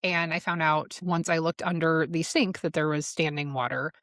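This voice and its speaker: A woman's voice: deep voice, steady tone, normal speed, a bit bright, no echo, studio quality. A woman in her forties hosting a solo podcast, talking bluntly and profanely, with frequent laughter. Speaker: podcast host. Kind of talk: candid solo podcast monologue.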